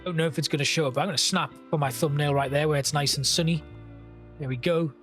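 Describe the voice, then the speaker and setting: A man's voice: on the high side, fairly even intonation, fast talker, fairly bright tone, soft background music. A man giving casual gameplay commentary, chatting and thinking aloud as he plays and reads game text.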